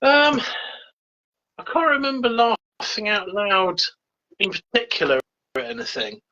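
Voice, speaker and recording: A man co-hosts a casual film chat, hesitating often and agreeing with plenty of yeahs. His voice is bright and a little high. The recording sounds dull and lo-fi. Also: wildly swooping pitch, measured pace. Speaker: podcast co-host.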